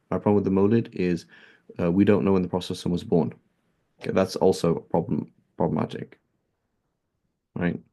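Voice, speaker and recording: A man delivers a conversational religious lesson in English sprinkled with Arabic terms. His voice is low and mellow with a gravelly fry, and he keeps checking in with his listeners through a rhetorical "right?". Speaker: Islamic teacher.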